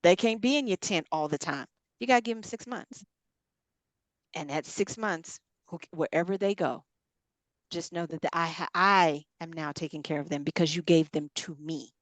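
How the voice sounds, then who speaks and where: Woman, faith-talk host, acts out stories with energy, slightly low voice. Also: normal speed, no room sound. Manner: animated, acts out scripture scenes. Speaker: ministry podcast host.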